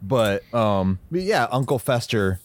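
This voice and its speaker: A man's voice: on the low side, expressive, a little slow. A man co-hosting a podcast, rambling loosely in casual chat with lots of filler words. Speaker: podcast co-host.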